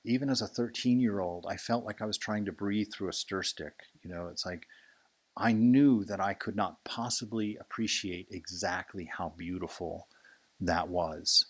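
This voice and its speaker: A man in his sixties giving a conversational Sunday sermon as a swami, asking "right?" often and moving from hushed to emphatic. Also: low voice, moderate pace. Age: 60s. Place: monastery lecture hall.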